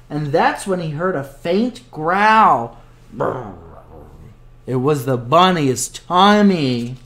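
A man hosts a children's story time and reads a picture book aloud with gentle expression. He moves through the story slowly and patiently, letting each line land. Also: high voice, big pitch swings.

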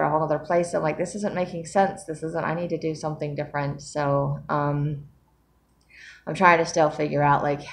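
A woman's voice: low voice, slight background noise. A woman author talking casually about her writing in a rambling, reflective way, with many ums and small laughs, tired from lack of sleep.

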